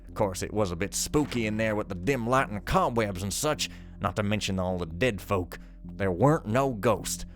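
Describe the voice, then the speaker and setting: A man's voice: on the low side, close to an everyday voice. A man reading as a folksy working-class sewer hand. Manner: folksy, ungrammatical, reassuring. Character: working-class male sewer worker writing a note.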